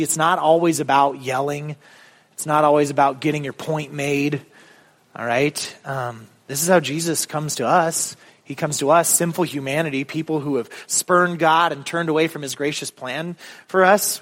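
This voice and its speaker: A man's voice: on the high side, a bit bright, big-room sound. A man preaching a sermon as pastor, casual and conversational with many ums, building to emphatic questions. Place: church sanctuary.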